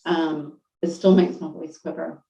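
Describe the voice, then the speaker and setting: Middle-aged lady telling her story, halting and heartfelt, dull lo-fi roomy audio. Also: fairly low pitch, fairly even intonation, dark tone, far from the mic. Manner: heartfelt, halting, many fillers and restarts. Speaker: podcast guest. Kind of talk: emotional personal storytelling.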